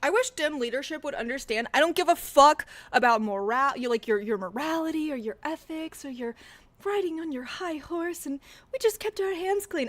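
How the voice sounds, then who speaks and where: A woman streaming political commentary, sarcastic and profane, dropping to mutters and rising to loud rants. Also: high-pitched, animated, normal speed. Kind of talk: casual livestream commentary.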